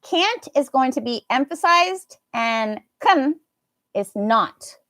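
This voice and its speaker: A woman's voice: high-pitched, animated, slow, fairly bright tone, no echo, clean studio sound. A woman with an American accent teaching a live English lesson, enunciating words carefully and slipping into Indonesian phrases. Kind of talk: live online language lesson.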